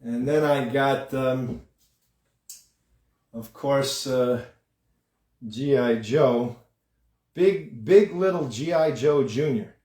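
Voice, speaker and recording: A man hosting a live-stream puppet show, talking in a rambling, halting way. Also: mid-range voice, dark tone. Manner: rambling, halting, many fillers. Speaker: host and puppeteer. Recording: echoey room, voice far from mic.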